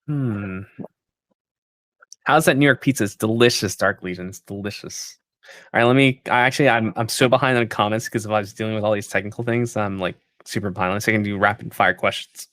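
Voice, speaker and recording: A man's voice: lowish voice, steady tone, fast talker, fairly bright tone, dry recording, studio quality. A man hosting a live stream off camera, chatting in an upbeat way with viewers. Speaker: stream host. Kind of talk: casual live-stream chat. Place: off-camera, remote.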